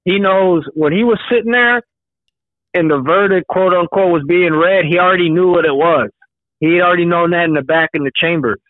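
A man calling in to a talk show, explaining things in a steady way. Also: high-pitched, a little fast, no echo. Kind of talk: casual talk show chat. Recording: tinny phone line with music behind.

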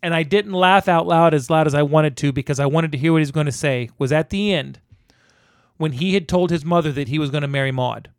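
A man co-hosting a casual film discussion, animated and laughing often as he acts out scenes. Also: a little high, a little fast, clear, resonant tone, dry recording, studio quality. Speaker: podcast co-host.

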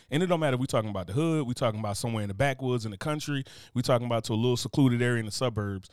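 A man's voice: mid-range voice, dry recording, clean studio sound. A man in his thirties from Newark, New Jersey, hosting a casual podcast, swearing freely and joking as he tells stories. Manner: profane, joking, animated storytelling. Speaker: podcast host. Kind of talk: casual chat.

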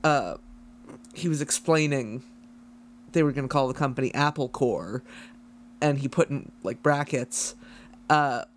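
A man's voice: mid-range voice, a little slow, pauses often, a little hiss or hum. A man co-hosting a casual chat podcast, making dry joking asides. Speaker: podcast co-host.

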